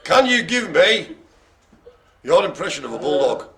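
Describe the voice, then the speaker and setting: Lively, bright-voiced joking male bingo host. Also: on the high side, normal speed. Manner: theatrical jokey showman who laughs often. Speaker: host calling dog bingo. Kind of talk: live comedic bingo hosting. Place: room with colleagues present.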